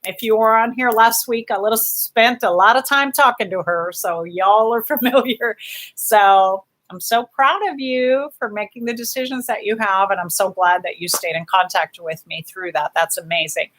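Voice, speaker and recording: A woman hosting a casual live stream, reading out viewer comments and gently encouraging her viewers. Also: medium pitch, normal speed.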